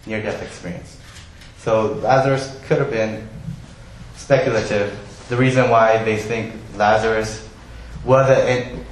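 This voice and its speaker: Male preacher, animated sermon, very echoey hall, faint room noise. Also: on the low side. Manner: animated storytelling, acts out quoted voices.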